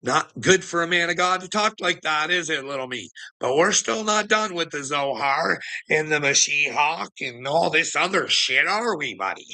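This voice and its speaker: A man's voice: on the high side, lively intonation, moderate pace, pushed and bright, rough recording. A man talking in a rambling, sardonic monologue, laughing often and swearing as he goes. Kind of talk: casual conspiracy commentary monologue.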